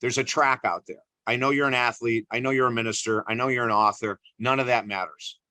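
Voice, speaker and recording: A man's voice: mid-range voice, fairly even intonation, fairly quick, pushed and bright, no echo, natural voice. A man voicing a stern older male priest who speaks in curt commands.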